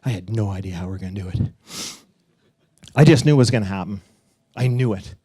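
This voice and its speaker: A middle-aged man telling a personal story live on stage, animated and swearing at times, leaping up in pitch as he acts out what people said. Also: fairly quick, long pauses, husky, dry recording, studio quality. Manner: animated, acts out quotes with big pitch jumps, laughs and swears.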